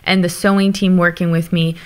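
Lively, candid woman telling stories. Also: fairly low pitch, smooth. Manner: animated, open, quick to laugh. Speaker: guest, company founder and author. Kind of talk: candid conversational storytelling.

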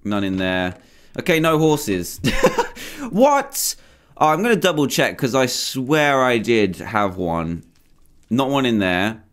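A young man hosting a gaming video, chatting casually over gameplay, excitable and rambling, with frequent ums and self-corrections. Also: mid-range voice, measured pace.

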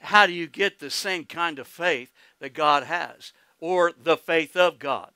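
A man's voice: on the high side, unhurried, bright, forceful tone, clean tone, no room sound. A man with an Oklahoman accent preaching a sermon as pastor, folksy and exclamatory, calling out to the congregation and breaking into laughs and hallelujahs. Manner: laughs easily, calls out to congregation.

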